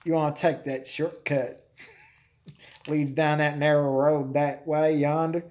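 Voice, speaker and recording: A live streamer putting on a slow, drawling Southern US accent to play a menacing rural local man who lures strangers down back roads. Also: mid-range voice, flat delivery, a little mellow, lightly acted. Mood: sinister. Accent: Southern US put-on.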